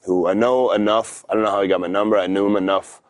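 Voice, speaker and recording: A man's voice: on the low side, fairly even intonation, fast talker, dry recording. A man in his thirties, a wrestler guest on a podcast, telling stories in a laid-back, rambling way with lots of fillers and restarts. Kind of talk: casual storytelling interview.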